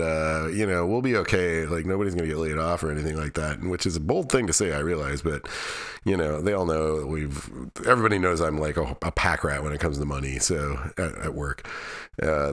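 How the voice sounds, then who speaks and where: A man's voice: sits low, fairly bright tone. A middle-aged man hosting his own podcast, giving a candid, rambling weekly update full of restarts and wry asides. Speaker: podcast host. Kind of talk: casual solo update.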